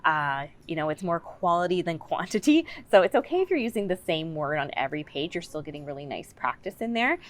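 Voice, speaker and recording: A woman's voice: low-pitched, very animated, brisk, few pauses. A woman speech and language assistant, explaining practice tips in a conversational way. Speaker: communicative disorders assistant.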